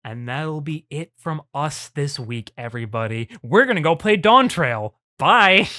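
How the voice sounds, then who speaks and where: A co-host leading a casual podcast chat in a relaxed way, swearing freely and laughing often. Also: medium pitch, unhurried.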